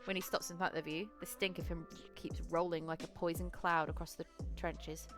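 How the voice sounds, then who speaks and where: Woman, lowish voice, casual game narration, second-person, self-corrections, faint music behind. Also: level tone, normal speed. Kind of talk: solo tabletop game narration.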